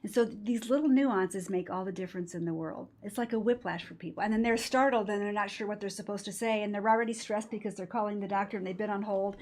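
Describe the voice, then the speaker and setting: A woman's voice: medium pitch, fast talker, hardly any pauses, a little mellow. Woman, patient-experience trainer, emphatic, explanatory, interview talk. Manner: emphatic, explanatory, with quoted voices. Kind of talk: interview conversation.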